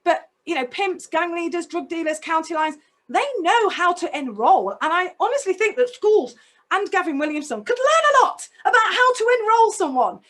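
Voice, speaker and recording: With an extremely high, fairly bright voice at normal speed, a woman tells a personal story in a talk. She is very animated, intense and emotional, and puts direct questions to her listeners.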